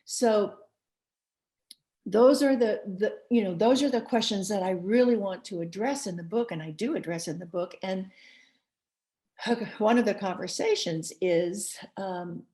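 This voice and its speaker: A woman author talks as a podcast guest in a passionate, emphatic way. She lets small laughs slip between her points. Her pitch sits in an ordinary middle range. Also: measured pace, mellow. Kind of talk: podcast interview.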